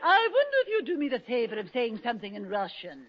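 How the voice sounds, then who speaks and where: A woman's voice: on the high side, wildly swooping pitch, quick pace, some chatter behind. An actress playing a prim, dignified older headmistress of a girls' school in a 1940s radio comedy, given to gushing. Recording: muffled old radio broadcast with heavy hiss.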